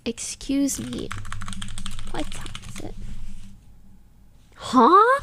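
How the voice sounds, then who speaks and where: A woman's voice: a little high, sing-song, measured pace, pauses often, fairly bright tone. A woman streamer chatting casually and playfully, laughing often and repeating practice phrases aloud. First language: English.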